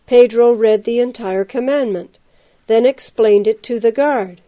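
A woman narrating a story aloud in a steady, expressive storytelling manner. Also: a little high, a little slow. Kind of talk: storybook reading.

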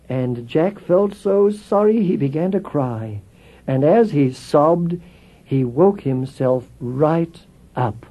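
A man narrating a children's story in an expressive voice that swells with feeling. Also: on the high side, takes it slowly. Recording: tinny phone-like with faint music.

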